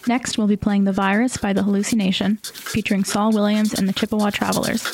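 Woman host reading a script, slight fry. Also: mid-range voice, fast talker, slight background noise, low-quality recording. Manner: even, read-from-script delivery. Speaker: radio show host. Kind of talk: scripted analysis and announcements.

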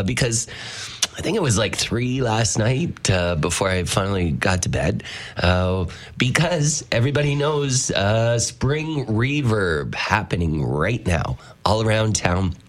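A man hosting a morning radio show, chatting in a loose, rambling way and laughing often. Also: fairly low pitch. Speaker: radio host. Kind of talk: casual radio chat. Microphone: studio mic.

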